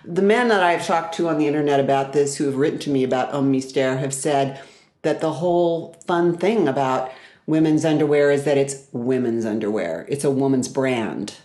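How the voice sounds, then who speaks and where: A woman hosting a casual talk show, chatty and quick to laugh. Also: extremely low pitch, a little mellow. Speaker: podcast host. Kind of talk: casual chat.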